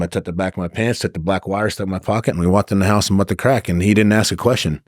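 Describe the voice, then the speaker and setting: A former undercover officer telling casual war stories as a podcast guest, laid-back and swearing freely. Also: male voice, low voice, steady tone, fast, dry recording, studio quality. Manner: laid-back, swearing, acts out quoted voices. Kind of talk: casual storytelling. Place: podcast studio. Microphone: studio mic.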